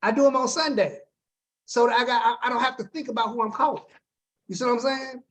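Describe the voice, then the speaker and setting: A man's voice: very high-pitched, fast talker, fairly bright tone. A man coaching his team on a group video call, upbeat and slangy, talking straight to the group and checking in with them often.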